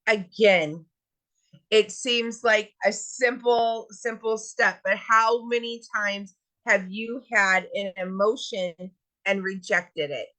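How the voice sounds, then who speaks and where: A woman leads a self-help lesson in a bright, clear voice. She coaxes gently and asks question after question. At times she slows down and draws out her words to stress a point. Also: medium pitch, low-quality recording. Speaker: wellness teacher. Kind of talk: guided self-help talk.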